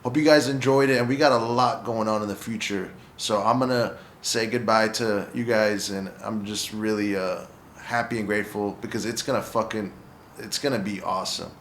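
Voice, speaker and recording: Low-voiced male podcast co-host in an echoey room. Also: moderate pace, a little hiss or hum. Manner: brief affirmations, relaxed sign-off. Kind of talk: casual podcast chat.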